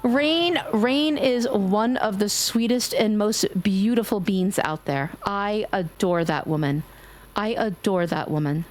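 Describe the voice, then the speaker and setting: A woman's voice: medium pitch, takes it slowly. A woman streamer from Brooklyn with a faded New York accent, chatting casually during a game stream. She is playful and giggly and swears freely. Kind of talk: casual gaming livestream chat.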